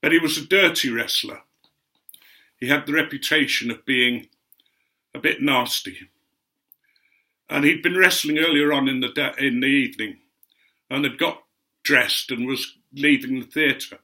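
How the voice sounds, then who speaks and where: Older guy spinning a rambling yarn, crisp bright tone, average pitch. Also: a little slow, long pauses. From Otley, Yorkshire, England. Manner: chatty and meandering, with gentle asides. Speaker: guest speaker recounting memories. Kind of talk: anecdotal storytelling.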